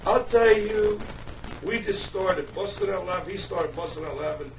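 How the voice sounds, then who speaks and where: Older-style storyteller: man with a high voice, animated anecdote, distant roomy mic. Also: fairly quick. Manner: animated, repeats himself, laughs as he tells it. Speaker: musician telling a story. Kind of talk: casual anecdote. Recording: roomy, distant, faint hiss.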